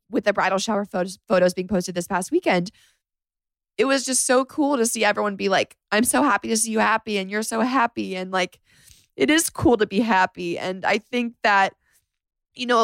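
A woman's voice: medium pitch, smooth, no echo. Candid woman rambling into a dry mic. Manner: candid, rambling, heavy use of "like"; emotional, close to tears at times. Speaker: podcast host. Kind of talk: confessional solo podcast monologue. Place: bedroom floor, indoors. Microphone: podcast microphone.

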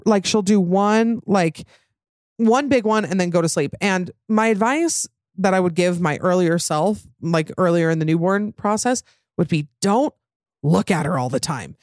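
A woman's voice: lowish voice, moderate pace, darkish tone, no echo, studio quality. A young adult woman hosting a casual, candid chat, rambling with many fillers and frank swearing.

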